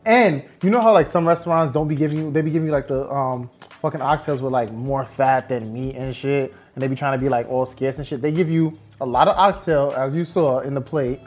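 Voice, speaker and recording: Deep, husky young woman, frank. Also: a little fast, a little mellow, faint music behind. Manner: frank, teasing, skeptical. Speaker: podcast co-host. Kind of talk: casual chat.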